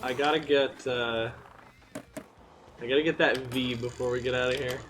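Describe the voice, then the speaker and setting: A man's voice: medium pitch, moderate pace, background noise. A man hosting a live gameplay stream, chatting casually and laughing often while he plays. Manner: giggly, excitable, talks to chat. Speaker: streamer host.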